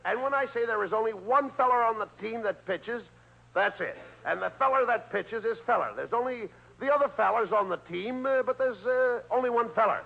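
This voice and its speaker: A male comedian playing the straight man in a radio comedy routine, explaining briskly and with exasperation. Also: extremely high pitch, creaky. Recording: muffled old radio broadcast.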